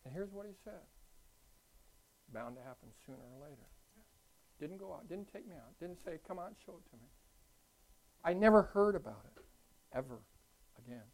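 Animated man preaching a sermon. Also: fairly high pitch, moderate pace, long pauses, low-quality recording. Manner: swings from hushed asides to loud animated bursts; conversational storytelling. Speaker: pastor.

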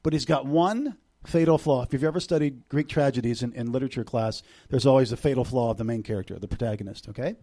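A middle-aged man preaches to a congregation as a visiting preacher, speaking quickly at medium pitch with hardly any pauses. He's animated throughout, alternating loud outbursts with quiet, intimate passages and working in humorous asides.

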